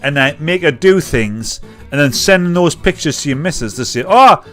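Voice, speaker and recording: A man's voice: fairly high pitch, lively intonation, moderate pace, a bit bright, soft background music. A tipsy man hosting a live comedy show, rambling, swearing and laughing at his clips. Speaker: livestream comedy host.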